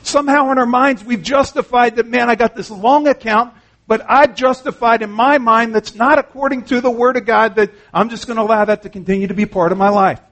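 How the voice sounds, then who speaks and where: Man, preacher, sermon, high-pitched voice, earnest, conversational, restarts. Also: steady tone, fairly quick, fairly bright tone.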